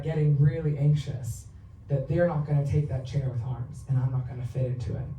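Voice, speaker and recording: A woman's voice: on the low side, mellow, a little hiss or hum. A woman in her thirties performing a candid, profane stand-up set, telling personal stories in a confessional way. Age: 30s. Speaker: stand-up comedian. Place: theatre stage. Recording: roomy, distant live theatre recording.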